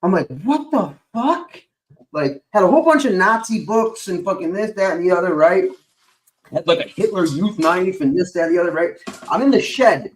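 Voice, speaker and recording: A man's voice: high-pitched, lively intonation, brisk. A man hosting a stream, rambling in casual chat, swearing constantly and filling gaps with uh and whatchamacallit. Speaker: stream host.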